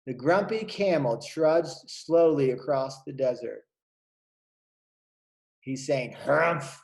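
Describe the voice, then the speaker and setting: A man, a kindergarten teacher, reading a picture book aloud to young children and pausing to point out the pictures. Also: mid-range voice, darkish tone.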